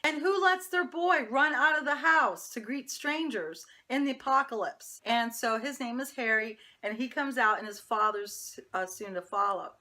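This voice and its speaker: A woman's voice: a little high, moderate pace, hardly any pauses, pushed and bright. A woman reviewing a TV episode, chatty and opinionated, talking straight to her viewers. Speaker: TV show reviewer. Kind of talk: casual episode recap.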